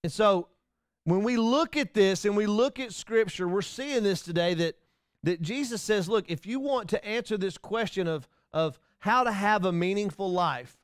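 Man, high voice, folksy conversational sermon, frequent restarts, dry close sound. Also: normal speed, clean tone, no room sound. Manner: conversational, folksy, lots of restarts and asides to the congregation. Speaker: pastor. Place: church.

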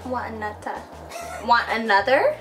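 A young American woman, a guest on a casual vlog, excitable and laughing a lot over background music. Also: a little high, moderate pace. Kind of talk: casual chat.

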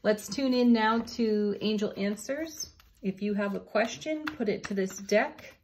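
In a gentle, encouraging tone, a woman gives a spiritual tarot and oracle card reading, laughing softly between cards. Her voice sits at a medium pitch and she speaks at a measured pace.

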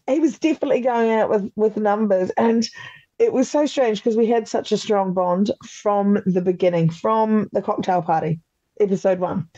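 An Australian woman telling stories on a podcast with lively energy, dropping swear words and laughing as she acts out other people's lines. Her voice is mellow and a touch dark. The audio sounds dull and lo-fi, like a remote call. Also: medium pitch, no echo. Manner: animated, swears freely, laughs often, acts out quotes. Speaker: podcast guest, former reality show contestant. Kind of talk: casual interview chat.

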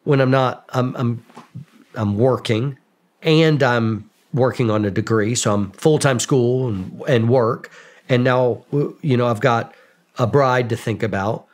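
A man, a podcast guest, telling casual stories about himself in a lively, self-mocking way, acting out bits of dialogue. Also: medium pitch, a little slow. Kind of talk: casual storytelling. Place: podcast studio.

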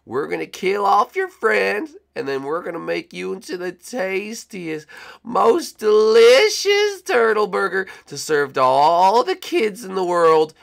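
A man's voice: sits high, big pitch swings, a little slow, vocal fry, fairly bright tone, full character voice. A man voicing a scheming, cackling villain clown in a Minecraft roleplay. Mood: taunting. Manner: gloating, cackling, taunting.

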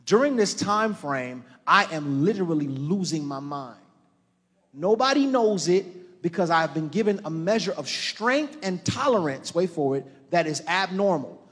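Man, pastor, sermon, high voice, rises from hushed to shouting, talks to the congregation, long church hall reverb. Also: expressive, measured pace, breathy edge. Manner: impassioned preaching that swings from hushed to shouting; calls on the congregation directly.

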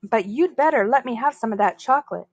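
A woman voicing a mean, sly schoolboy bully who yells and sneers. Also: on the high side, lively intonation, brisk, no echo. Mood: demanding. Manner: yelling, sneering, demanding.

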